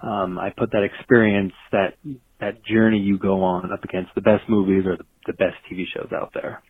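A man leaves an earnest voicemail for a radio show, pausing on a few ums. His voice is low and husky, and it comes through a thin, tinny phone line. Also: little pitch movement, no room sound. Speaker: caller. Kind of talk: voicemail message.

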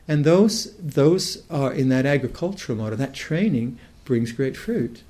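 Older man giving a mellow dharma talk. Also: medium pitch, expressive. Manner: thoughtful, halting, with many restarts. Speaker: Buddhist meditation teacher.

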